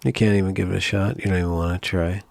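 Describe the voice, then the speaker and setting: Man, low voice, teasing, rambling, dry close sound, video-call chat host. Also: fairly even intonation, rapid-fire, creaky, no room sound. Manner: teasing, rambling, trails off quietly.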